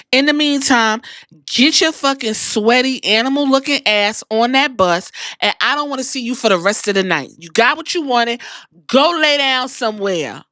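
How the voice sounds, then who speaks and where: A woman's voice: mid-range voice, sharp tone, no echo, studio quality. A woman voicing a fed-up male wrestling boss who scolds with heavy cursing. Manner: profane scolding paraphrase.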